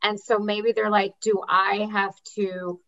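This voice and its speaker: A woman's voice: mid-range voice, level tone, unhurried, bright, forceful tone. A woman in a casual group chat who rambles and thinks aloud, restarting her sentences. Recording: dull lo-fi audio.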